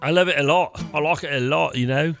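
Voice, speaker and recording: A man's voice: fairly high pitch, a little fast, creaky, a bit bright. A man in his fifties hosting a live music stream, chatting in a playful, goofy, rambling way. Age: 50s. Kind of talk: casual live-stream chat.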